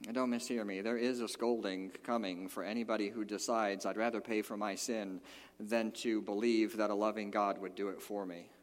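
A man preaching a sermon in a church, animated and emphatic, rising to loud peaks and dropping to quiet asides. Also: fairly low pitch, normal speed. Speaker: pastor. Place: church sanctuary. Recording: long hall reverb.

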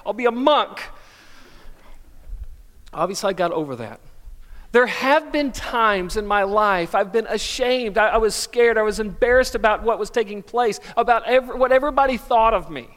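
A man's voice: high voice, animated, moderate pace, fairly bright tone, long reverb tail. A middle-aged male pastor preaching a sermon, telling stories with self-deprecating humor. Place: church sanctuary.

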